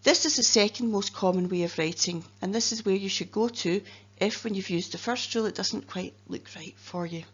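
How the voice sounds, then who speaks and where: A woman with a Scottish accent, a teacher slowly and carefully explaining spelling patterns and sounding out words letter by letter. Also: medium pitch, slightly rough. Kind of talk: phonics lesson narration. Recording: dull lo-fi recording.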